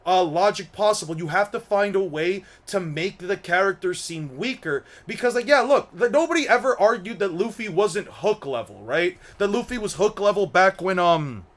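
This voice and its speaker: A man's voice: high-pitched, animated, moderate pace, few pauses, fairly bright tone. A young man hosting an anime commentary channel, ranting casually, rambling, repeating words and swearing. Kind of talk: casual opinion rant.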